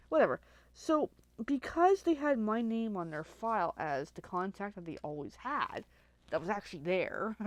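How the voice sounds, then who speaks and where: A woman's voice: on the low side, dry recording. A middle-aged woman telling a long casual story on her craft livestream, chatty and full of "like", acting out what she said back then. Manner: chatty, lots of "like", animated quoting of herself. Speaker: card-making livestream host.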